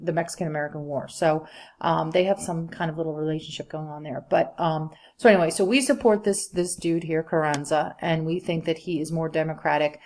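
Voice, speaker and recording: A woman with a slightly low voice gives a recorded history lecture over slides. She talks in a loose, chatty way, full of "um"s and quick asides to her students. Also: fairly even intonation, darkish tone. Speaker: history teacher.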